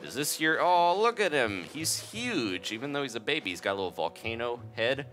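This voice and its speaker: A man giving casual, jokey commentary over a game playthrough as the video's host, chatty and quick to laugh. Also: medium pitch, sing-song, a bit bright, soft background music.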